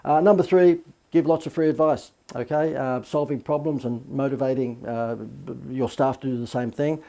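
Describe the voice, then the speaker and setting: A man's voice: mid-range voice, fairly even intonation, moderate pace, creaky, mellow. A man teaching a business marketing lesson as a coach, talking in a chatty, informal way with many fillers and asides.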